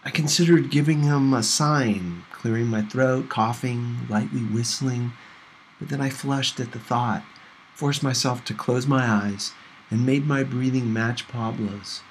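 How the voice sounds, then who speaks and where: A man reading a novel aloud for a class, with measured, gentle first-person narration. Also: medium pitch, a little hiss or hum, poor audio. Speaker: audiobook reader for a class.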